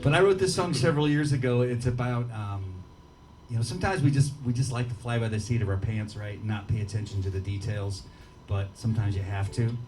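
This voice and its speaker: A man's voice: mid-range voice, brisk. Chatty Midwestern man on a bar stage. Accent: American Midwestern. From American Midwest. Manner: chatty, self-deprecating, joking with the crowd. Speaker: singer-songwriter on stage. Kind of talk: rambling on-stage banter between songs. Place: small bar, live gig. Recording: live PA from a distance, guitar playing.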